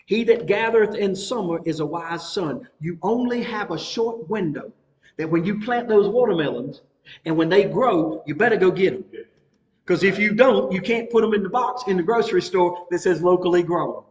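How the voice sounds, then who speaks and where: A middle-aged pastor teaches a Bible study in a folksy, conversational way. His voice sits fairly high. The recording is dull and carries a long reverb from the church hall. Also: lively intonation, moderate pace. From North Carolina. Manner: folksy, conversational preaching with Southern colloquialisms.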